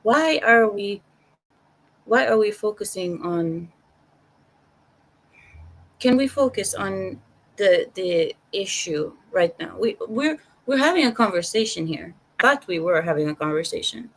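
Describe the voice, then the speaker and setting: Here a woman talks straight to her live-stream chat, giving her opinions in a lively way and repeating phrases to drive them home. Her mid-range voice moves a little slowly, and the recording quality is low.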